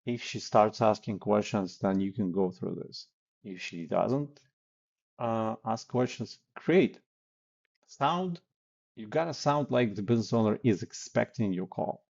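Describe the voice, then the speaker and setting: A man's voice: fairly low pitch, measured pace, creaky, darkish tone, breathy edge, dull audio. A man teaching phone sales techniques in a casual way, acting out sample call lines as he goes. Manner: casual, demonstrates cold-call lines aloud. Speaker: sales trainer. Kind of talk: instructional talk with role-play examples.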